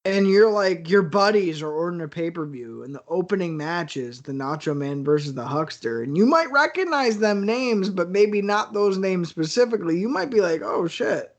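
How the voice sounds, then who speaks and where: A man co-hosting a podcast, talking in casual chat with swearing and quick asides. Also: high voice, lively intonation. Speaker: podcast co-host.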